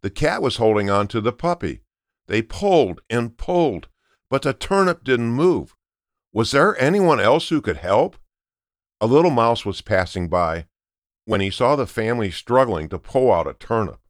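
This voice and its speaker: A man narrating a children's story aloud in an expressive storytelling manner. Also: medium pitch, moderate pace, dry recording, studio quality. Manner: expressive, sing-song storytelling.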